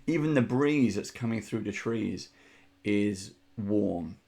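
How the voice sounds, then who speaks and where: A man narrating a tabletop game as game master, descriptive and unhurried with frequent ums. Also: fairly low pitch, expressive, creaky, mellow.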